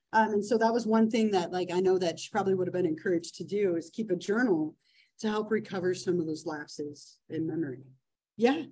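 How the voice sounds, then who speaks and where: A woman's voice: medium pitch, mellow, breathy edge, rough recording. A woman in her thirties, a psychology instructor telling a case story to a class, chatty, with many fillers and "right?" asides.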